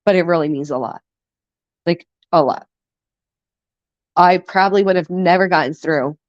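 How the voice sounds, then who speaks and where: Hosting a casual live stream, this woman reads and responds to chat while getting over the flu, emotional and swearing, swinging quickly from sentimental to outraged. Her voice sits on the low side, with no echo and the highs cut off.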